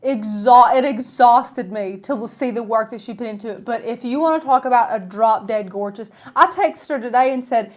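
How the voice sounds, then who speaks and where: A woman co-hosting a craft show in casual chat, warmly affirming her partner with quick interjections. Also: fairly high pitch.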